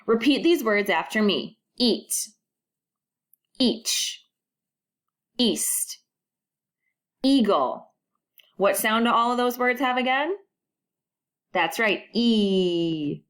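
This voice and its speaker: A woman teacher records a phonics lesson for first graders. She speaks slowly and sounds out each vowel clearly. She keeps prompting the children to repeat after her and encourages them as they go. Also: fairly high pitch, expressive, fairly bright tone.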